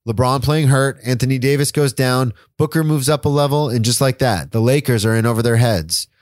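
A man's voice: mid-range voice, a little mellow, no room sound, clean studio sound. A young man co-hosting a sports podcast, earnestly reading a personal essay he wrote. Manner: earnest, emotional, reads steadily. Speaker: podcast co-host. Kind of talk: reading a written essay aloud.

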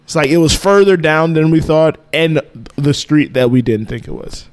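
A man's voice: a little high, moderate pace. A man co-hosting a podcast, telling a long rambling story in casual chat and laughing often. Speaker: podcast co-host.

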